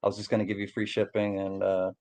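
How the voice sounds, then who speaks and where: A man co-hosting a casual chat, easygoing and halting, often repeating his words. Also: lowish voice, monotone, a little mellow. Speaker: co-host. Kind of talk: casual chat about coin collecting.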